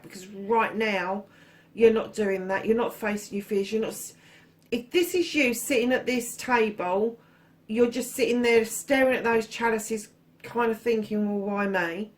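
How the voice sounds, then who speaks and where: A woman giving a casual tarot reading to her viewers, blunt and frank, swearing freely and calling listeners darling. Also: a little high. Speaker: tarot reader.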